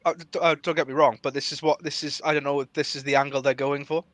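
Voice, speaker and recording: Bright-voiced, dry-sounding male podcast host. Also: fast, dry recording. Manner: animated, laughs often, jumps up in pitch when joking. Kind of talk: casual political chat.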